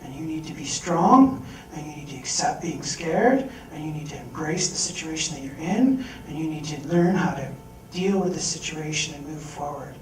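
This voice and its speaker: A young man tells a personal story on stage, earnest and animated, his fairly high voice swelling with feeling. The sound is roomy and echoes, as if the mic sits some way off in a hall. A faint noise runs underneath. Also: moderate pace, hardly any pauses, far from the mic, faint music behind. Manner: earnest, animated storytelling with strong rises in volume. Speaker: speaker at a fundraising event. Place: event hall.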